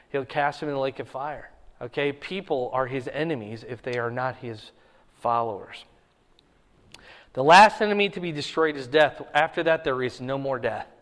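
A pastor preaching a sermon, reading Scripture loudly and dropping his voice low for asides. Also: long reverb tail.

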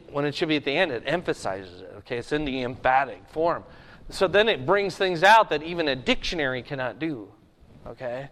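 A man's voice: a little high, fairly bright tone. A man teaching a classroom Bible lesson, often checking in with his listeners by asking "okay?". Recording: long reverb of a hall.

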